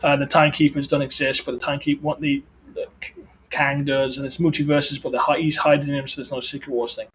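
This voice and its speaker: A man's voice: on the high side, level tone, quick pace, a bit bright, poor audio. A man co-hosting a casual pop-culture podcast, rambling with frequent restarts and stumbles. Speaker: podcast co-host. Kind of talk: casual chat.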